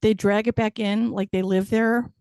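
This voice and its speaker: A woman's voice: medium pitch, fairly even intonation, moderate pace, darkish tone, smooth, dry recording. A woman in her fifties performing a stand-up comedy set with wry, self-deprecating punchlines. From United States. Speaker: stand-up comic.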